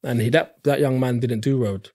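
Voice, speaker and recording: A man's voice: medium pitch, steady tone, moderate pace, mellow. A man, a podcast guest telling his story candidly with street slang. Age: 30s. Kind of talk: casual interview chat.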